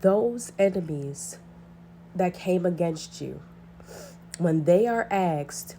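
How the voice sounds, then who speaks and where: A woman's voice: fairly low pitch, expressive, unhurried, darkish tone, slight background noise. A woman reading a spiritual message to her viewers, talking earnestly and repeating rhetorical questions. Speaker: spiritual reader.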